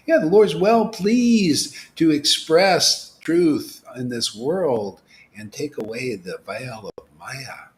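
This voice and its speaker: Animated man preaching devotional talk. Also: medium pitch, slow pace, a little hiss or hum. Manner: animated preaching, swings from whispers to loud exclamations. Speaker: spiritual teacher.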